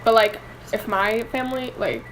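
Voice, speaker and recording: A young woman co-hosting a podcast in casual chat. She is animated and makes quick quips. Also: a little high, slight background noise, rough recording. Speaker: podcast co-host.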